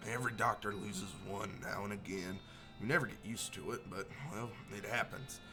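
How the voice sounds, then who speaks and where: A man's voice: fairly low pitch, fairly even intonation, normal speed, music in the background, lightly acted. A man voicing a weary, hard-drinking woman doctor in a western game, sardonic and tired.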